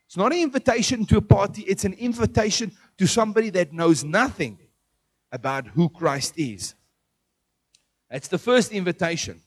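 A man preaching a sermon in an animated way, asking his listeners questions as he teaches. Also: high voice, moderate pace, husky. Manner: animated, asks the audience questions.

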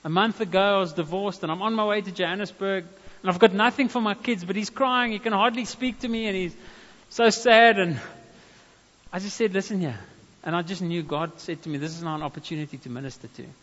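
A man's voice: high-pitched, brisk, fairly bright tone. A man with a South African accent preaching a sermon, telling a personal story with casual asides and calls of amen. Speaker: pastor. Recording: dull reverberant hall sound.

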